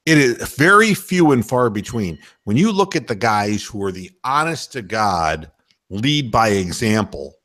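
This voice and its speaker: A male sports radio host talks in a lively voice that swings up and down in pitch, sharp and bright in tone. He makes his points with emphatic, sarcastic certainty. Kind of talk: casual sports talk chat.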